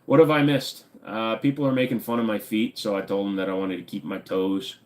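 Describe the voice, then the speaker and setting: A man's voice: lowish voice, fairly even intonation, fairly quick, darkish tone. A man hosting a stream, chatting casually and joking as he reads viewer comments. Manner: joking, laid-back, rambling. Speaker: streamer host.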